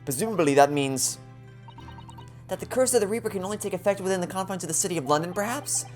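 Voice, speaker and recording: A woman voicing a polite young Japanese female assistant in a soft, courteous manner. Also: fairly low pitch, fast talker, soft background music, pitched above the performer's own voice, close to an everyday voice. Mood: concerned.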